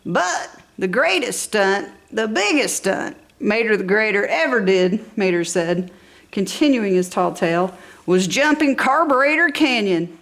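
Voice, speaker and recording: A woman reading a children's storybook aloud in an enthusiastic, expressive way. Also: medium pitch, unhurried, creaky. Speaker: storybook reader.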